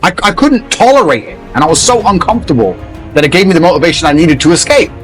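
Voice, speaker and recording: A man lectures hard in a motivational rant, blunt and profane, and mocks other people's excuses. His voice sits fairly high and swings widely in pitch. Faint music plays underneath. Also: lively intonation, quick pace, rough recording. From England. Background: faint background music.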